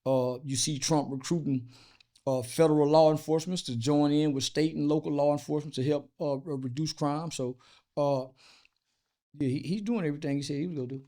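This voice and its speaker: A man's voice: a little high, fairly even intonation, brisk, dark tone. A man from the United States, an interview guest, talking bluntly and crudely with lots of fillers and restarts. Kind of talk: casual interview talk.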